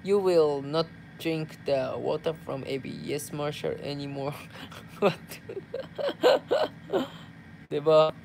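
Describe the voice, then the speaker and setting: A Japanese man with a Japanese accent chats casually through fan messages for his vlog. He talks slowly and playfully, laughs easily, and drops Tagalog fillers into his English. A faint hum sits behind him. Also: fairly high pitch, fairly even intonation, vocal fry, darkish tone. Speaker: vlogger.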